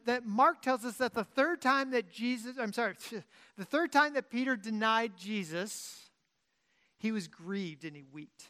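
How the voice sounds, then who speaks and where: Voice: medium pitch, moderate pace. Conversational preacher, often correcting himself. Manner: shifts between loud emphasis and quiet asides. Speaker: pastor. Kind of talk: sermon.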